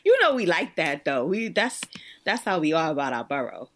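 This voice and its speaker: A woman's voice: low voice, moderate pace, a little hiss or hum. A young adult woman from Brooklyn with a New York accent, telling stories in a casual chat, laughing often and acting out quotes. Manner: animated storytelling with frequent laughter and voiced quotes.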